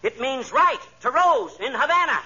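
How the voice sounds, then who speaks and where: A nosy, excitable husband bounces between high squawks and low grumbles as he chases imagined spies, played by a man. The voice is bright and sharp, carried by a dull, hissy old radio broadcast. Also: normal speed, breathy edge, exaggerated voice. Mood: conspiratorial. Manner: bluster, jumps to wild conclusions, chuckles at his own lines. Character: excitable nosy middle-aged husband playing amateur spy-hunter. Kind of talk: 1940s radio comedy acting.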